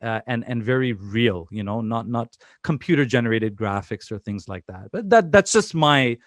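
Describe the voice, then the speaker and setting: Chatty host from Canada, dry close sound. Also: male voice, mid-range voice, lively intonation, normal speed, no echo. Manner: chatty, many fillers and restarts. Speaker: interview host. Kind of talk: casual interview chat.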